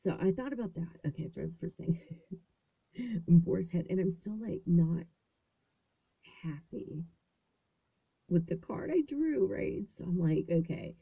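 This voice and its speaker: Gravelly-voiced woman rambling in a closet. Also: fairly low pitch, lively intonation, takes it slowly, long pauses, dark tone. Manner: rambling, with many fillers and restarts. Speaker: vlogger. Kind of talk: casual storytelling, partly whispered. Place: small closet indoors. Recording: tinny, phone-like lo-fi sound.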